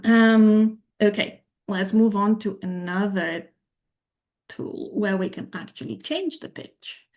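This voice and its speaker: A woman presents a talk at a slow, deliberate pace, talking through a live software demo. She explains as she thinks, backing up and rephrasing mid-sentence, with a voice pitched in the middle range for a woman. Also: fairly even intonation. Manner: explanatory, thinking aloud, self-correcting. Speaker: presenter on medical English teaching.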